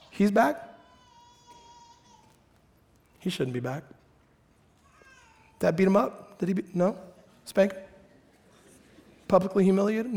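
A pastor voicing a jealous older brother who pouts and whines about being left out. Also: male voice, high-pitched, a little mellow, long reverb tail, voice pushed up. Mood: sulky. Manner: whiny, pouting complaints. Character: sulking, jealous older brother, young man.

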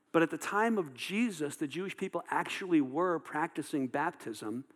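Man preaching, chatty and casual, lots of fillers, slightly high voice, long echoing reverb. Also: fairly bright tone. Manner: conversational, many fillers and repeated words. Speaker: pastor. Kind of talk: sermon.

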